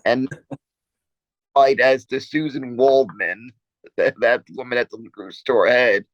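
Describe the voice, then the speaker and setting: A man's voice: mid-range voice, steady tone, no echo, dull audio. Rambling, laughing podcast co-host man. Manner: rambling, halting storytelling with many repeated words; laughs often while talking. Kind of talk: casual chat.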